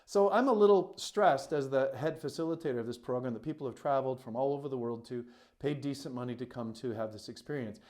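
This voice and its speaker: A man's voice: medium pitch, fast talker, darkish tone. A man who works as a coach and retreat facilitator tells a personal story to camera in an earnest, emphatic, heartfelt way, with many "you know" fillers.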